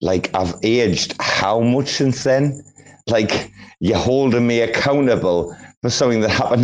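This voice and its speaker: A man's voice: medium pitch, animated, unhurried. A man in his forties, rambling and swearing freely in a casual group audio chat, with frequent restarts. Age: 40s.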